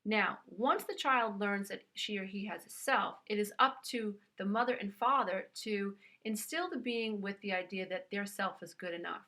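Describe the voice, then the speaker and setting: A woman's voice: medium pitch, normal speed, hardly any pauses, pushed and bright. A woman with a New York accent giving an earnest, emphatic motivational talk, speaking directly to her listener. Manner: earnest and emphatic, addresses listener as "dear one". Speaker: self-help speaker.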